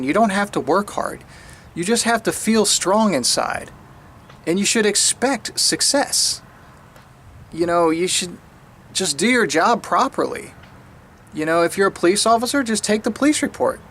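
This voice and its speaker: A man's voice: fairly bright tone, a little hiss or hum. A man in a casual monologue, laughing often and mimicking people in exaggerated voices. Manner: mocking others in higher, slower put-on voices; frequent laughter and repeated restarts. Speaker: speaker sharing his views.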